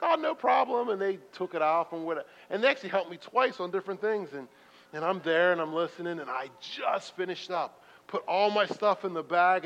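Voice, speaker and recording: A man with a high voice preaches in a church sanctuary. He tells his stories in a chatty, self-deprecating way and now and then breaks into loud bursts. The sound is muffled, with a long hall echo. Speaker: pastor. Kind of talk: sermon. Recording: muffled reverberant hall recording.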